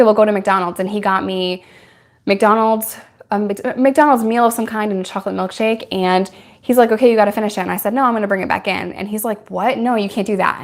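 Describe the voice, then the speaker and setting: A young woman talking straight to camera, answering questions from her viewers. She is candid and chatty, laughs often, and speaks in an ordinary mid-range voice. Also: medium pitch. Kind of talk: casual Q&A chat.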